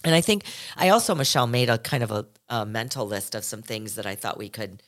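A woman's voice: extremely low pitch, brisk. Earnest, reflective woman podcast co-host. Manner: earnest, reflective, talks in restarts. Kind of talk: casual chat.

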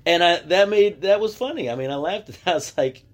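A man's voice: high-pitched, animated, brisk. A man hosting a solo podcast, telling stories in a loose conversational way, often restarting his sentences and acting out what other people said. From United States. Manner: conversational storytelling, acting out quoted voices; frequent restarts and filler words. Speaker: podcast host. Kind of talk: casual solo podcast monologue.

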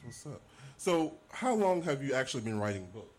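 A man's voice: mid-range voice, big pitch swings, a little fast, darkish tone. A man hosting a talk show, chatting casually and introducing a guest in an easygoing manner. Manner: easygoing, affirming listener.

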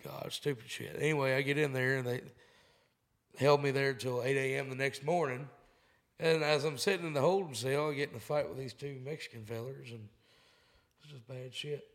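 A man's voice: mid-range voice, steady tone, moderate pace. A man telling a rambling story in a loose, swearing, laid-back way. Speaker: comedian guest. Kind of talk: casual storytelling.

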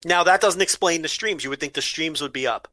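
Bright-voiced, wisecracking male co-host. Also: a little high, brisk, no room sound. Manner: wisecracking, sarcastic asides. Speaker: podcast co-host. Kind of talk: casual chat.

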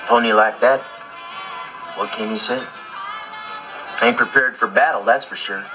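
An actor playing a gruff man in a film, grumbling coarsely and sardonically about a shabby old car, with soundtrack music behind him. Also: medium pitch, steady tone, measured pace, close to an everyday voice. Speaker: film character. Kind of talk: film dialogue.

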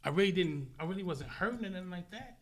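A man's voice: high voice, lively intonation, fast talker, fairly bright tone. A man from Los Angeles, a guest in a casual interview, telling his story vividly and profanely and acting it out with sound effects.

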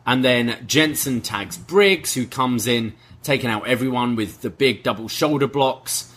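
Husky, bright-voiced male podcaster. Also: mid-range voice, unhurried. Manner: relaxed, dry, filler-heavy play-by-play. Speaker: podcast co-host. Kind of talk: casual recap of a wrestling show.

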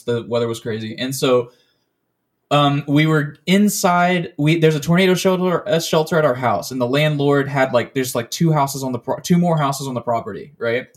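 Rambling, cussing man telling a story. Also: medium pitch. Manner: rambling, profane storytelling with many restarts. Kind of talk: casual chat.

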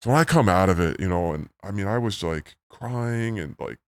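A man in his forties, a missionary guest, telling his story in a rambling, earnest way through a pitch-altered disguise. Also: animated, normal speed, no echo. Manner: earnest, rambling, full of "like" and "you know". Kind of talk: casual storytelling interview.

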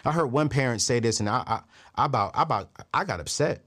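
A man in his thirties hosting a podcast, telling stories and giving money and faith lessons in an animated, preacher-like way with emphatic repeats. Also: mid-range voice, fast talker. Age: 30s. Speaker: podcast host. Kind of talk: motivational talk on money and faith.

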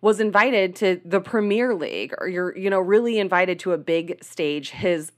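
A woman's voice: fairly low pitch, expressive, normal speed. A woman co-hosting a podcast in casual chat, telling a story conversationally and sometimes slipping into playful accents. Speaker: podcast co-host.

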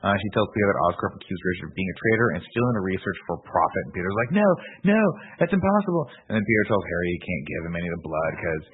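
Low-voiced man, tinny phone-like sound. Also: slightly rough. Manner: recaps scenes briskly, quoting characters. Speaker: podcast co-host. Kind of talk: casual film recap chat.

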